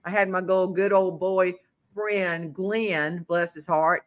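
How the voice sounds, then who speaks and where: A woman's voice: fairly low pitch, takes it slowly. A middle-aged woman with a Southern American accent, telling a funny story in a casual chat and acting out the voices of the people in it. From Southern United States. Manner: animated, acts out quoted voices. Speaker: humorist guest.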